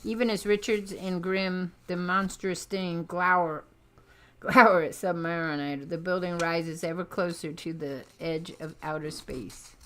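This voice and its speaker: A woman's voice: fairly low pitch, fairly even intonation, measured pace, a bit bright. A woman streamer reading a comic book aloud, narrating with small stumbles and self-corrections.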